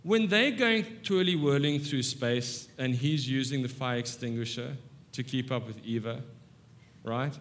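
A man in his fifties preaching a humorous sermon with stories, animated and self-mocking, moving between soft asides and excited bursts. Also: medium pitch, a little slow. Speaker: guest preacher. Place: church sanctuary.

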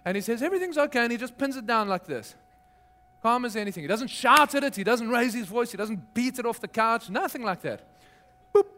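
A middle-aged pastor with a notably high voice delivers a sermon. He talks in an easy, conversational way and carries his points through stories and gentle humor. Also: a little fast, slight background noise. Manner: storytelling with humor, lively and conversational.

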